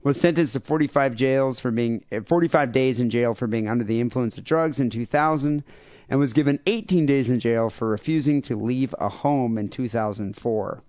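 A man's voice: mid-range voice, normal speed, a little mellow, no room sound. Man reading grim news on a podcast. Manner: reads news stories aloud with crude jokes. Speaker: podcast co-host. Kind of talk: casual podcast chat. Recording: dull lo-fi podcast audio.

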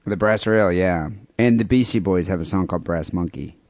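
A man co-hosting a podcast in casual chat, wry and joking with quick reactions. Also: deep voice, darkish tone, dry recording. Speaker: podcast co-host.

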